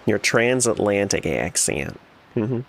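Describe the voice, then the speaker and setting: A man's voice: fairly low pitch, takes it slowly, creaky. A man streaming a randomizer game, chatting casually and joking with his chat as he plays. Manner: joking, animated, talks back to chat.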